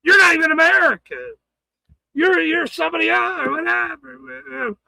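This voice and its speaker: An angry man ranting on his livestream, swearing hard, stammering and shouting. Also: very high-pitched, expressive, normal speed, vocal fry, no echo, poor audio. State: furious.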